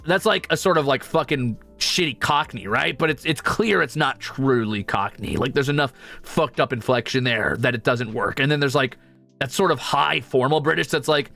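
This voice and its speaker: A man streaming casually, chatting with his viewers with quick asides and swearing. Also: mid-range voice, vocal fry, pushed and bright, soft background music. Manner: casual, quick asides and profanity, shows off vocal range. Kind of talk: casual chat with chat readers.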